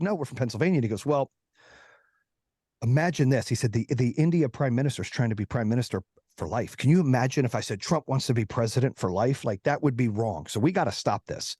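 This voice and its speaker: A man's voice: mid-range voice, a little mellow, dry recording, studio quality. A man, a podcast guest, tells a long personal story in casual, profane talk and acts out the quotes of the people in it. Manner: profane, fast-moving anecdote with acted-out quotes.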